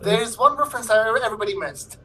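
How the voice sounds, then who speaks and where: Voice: medium pitch, expressive, fast talker. A panelist on a pop-culture show, eagerly sharing trivia in casual chat. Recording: distant mic with faint background noise.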